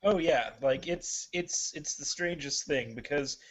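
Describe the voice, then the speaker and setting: Rambling man player, somewhat high voice. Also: unhurried, a bit bright. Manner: rambling, filler-heavy, conspiratorial. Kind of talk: casual play talk. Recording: dull lo-fi recording.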